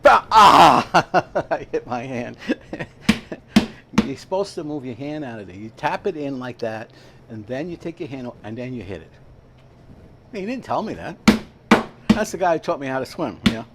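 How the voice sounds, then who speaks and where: A man's voice: medium pitch, sing-song, brisk, very noisy. Chatty man hosting a home cooking demo. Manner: chatty, rambling, frequent "all right?" check-ins. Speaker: home cooking show host. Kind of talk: casual cooking demonstration. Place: kitchen at a veterans' hall.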